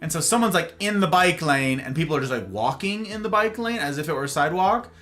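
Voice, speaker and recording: A man's voice: on the high side, lively intonation, fast talker, fairly bright tone, faint music behind. A man streaming live, reading out his chat and joking with viewers in a rambling, casual way. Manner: rambling, jokey banter with viewers.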